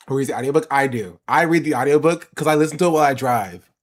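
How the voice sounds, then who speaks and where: A man streaming live, chatting casually and answering his viewers' questions. He laughs often and repeats phrases for emphasis. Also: mid-range voice. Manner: answers chat questions aloud.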